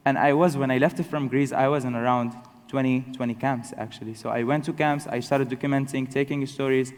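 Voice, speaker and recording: A young man giving a personal storytelling talk to an audience, halting and self-correcting but good-humored. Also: mid-range voice, fairly even intonation. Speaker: speaker telling his story to an audience. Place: large hall with an audience. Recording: long hall reverb.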